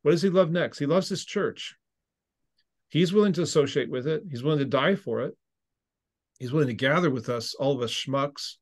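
A man's voice: fairly high pitch, moderate pace. A man, a seminary professor and minister, answering interview questions with an earnest, teaching tone and frequent restarts.

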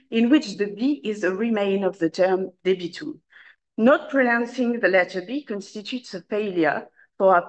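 A woman's voice: mid-range voice, poor audio. Woman reading a conference paper. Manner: measured, formal delivery with occasional hesitations. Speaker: academic conference speaker. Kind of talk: reading a prepared paper aloud. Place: lecture room at a conference.

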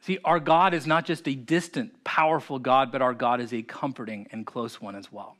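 A male pastor preaching an online sermon, reflective, slowing and softening his voice to stress key words. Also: medium pitch. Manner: reflective, slows and softens for emphasis.

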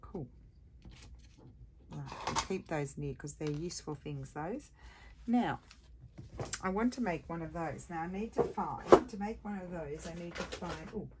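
A woman's voice: lowish voice, measured pace, pauses often, heavy background noise. A tired woman rambling and thinking aloud as she hosts a casual crafting tutorial. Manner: chatty, rambling, thinks aloud while working.

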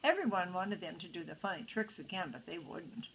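A woman voicing an excitable male circus bear in a storybook, urgent and exclamatory. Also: lowish voice, a little fast, slightly rough, exaggerated voice. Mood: telling.

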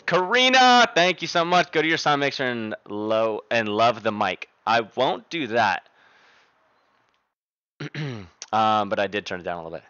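A man's voice: lowish voice, bright, forceful tone, smooth, no echo, highs cut off. A young man live-streaming from his desk at home, chatting casually and profanely into a desk microphone and rattling off thanks to viewers by name.

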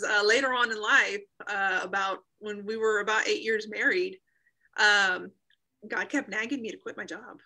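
Sharing a personal testimony of faith on a video call, a woman in her thirties tells her story earnestly and performs the quotes within it. Her voice has a medium pitch and a sharp tone, and the recording is rough.

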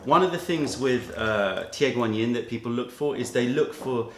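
A man of middle pitch talks through a tea tasting in a casual, musing way, slowly piling up flavour notes one after another. The room around him is echoey, with a faint hiss of noise. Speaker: tea shop host. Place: indoor room with cups and kettles.

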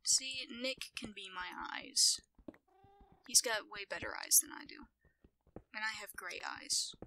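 A woman quietly commenting on her own gameplay, often in a whisper and talking playfully to herself. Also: medium pitch, big pitch swings, slow pace, low-quality recording. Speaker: gaming channel host.

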